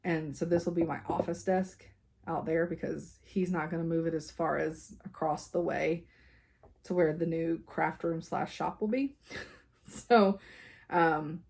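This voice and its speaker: A woman's voice: low voice, fairly even intonation, unhurried, vocal fry, a little mellow, a little hiss or hum. A woman, chatting casually as a cross-stitch vlogger at her home craft desk, rambling with lots of fillers and laughs.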